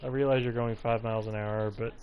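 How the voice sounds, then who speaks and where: A man's voice: medium pitch, fairly even intonation, brisk, dull audio. A man giving casual, rambling live commentary while streaming a game from home, now and then breaking off to talk to his cat. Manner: chatty, rambling, breaks off to coo at his pet. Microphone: personal mic close to him.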